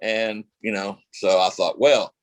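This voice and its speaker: A man recounts his past in a relaxed interview, rambling and circling back with fillers. His voice sits at an ordinary pitch. The sound is dry and close. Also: moderate pace, dry recording, poor audio. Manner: rambling, many fillers and restarts. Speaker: actor guest. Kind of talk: casual interview storytelling.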